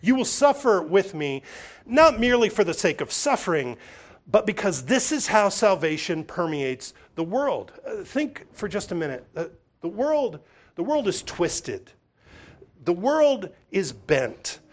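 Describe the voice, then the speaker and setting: A pastor preaching a sermon, with emphatic, repeating phrases and frequent restarts. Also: male voice, sits high, big pitch swings, unhurried. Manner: acts out voices of others when telling stories.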